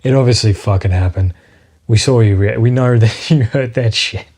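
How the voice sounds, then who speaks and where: A man's voice: lowish voice, normal speed, a little mellow. A man hosting a solo podcast, rambling and swearing freely as he drifts from topic to topic, with lots of fillers. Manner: rambling, profane, sidetracked, with many fillers. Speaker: podcast host.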